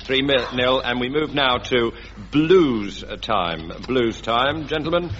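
Male radio quiz host, lively delivery. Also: mid-range voice. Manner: brisk, dry announcing of scores and tasks. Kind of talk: radio panel game chairing. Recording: dull, noisy old radio recording.

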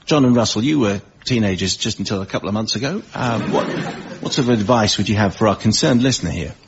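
A man hosting a comedy panel, reading a listener letter in a brisk, mock-formal way. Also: lowish voice, lively intonation. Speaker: panel show host. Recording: dull radio sound with background noise.

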